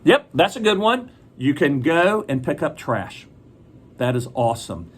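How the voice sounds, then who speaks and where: A man with a slightly high voice reads a picture book to a group of children. He keeps it chatty, stopping to ask them questions and answer them. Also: very animated, unhurried, husky.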